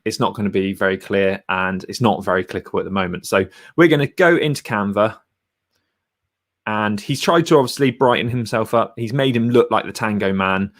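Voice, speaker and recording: A man giving a casual screen-share tutorial on video thumbnails, chatty and blunt as he clicks through pages. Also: lowish voice. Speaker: YouTuber reviewing thumbnails.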